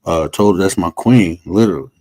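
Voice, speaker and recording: Deep-voiced man talking bluntly. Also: normal speed, darkish tone, husky, dry recording, poor audio. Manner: emphatic, blunt, slangy. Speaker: podcast co-host. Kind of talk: casual podcast chat.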